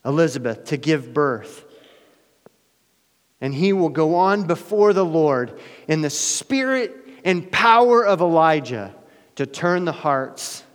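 A male pastor preaching a sermon in a dramatic way, swinging from loud emphasis to hushed asides. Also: mid-range voice. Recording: long hall reverb.

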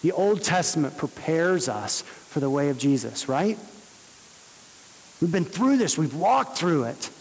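Male pastor, sermon delivery, slightly high voice, long hall reverb. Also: big pitch swings, measured pace, vocal fry, darkish tone, slightly rough.

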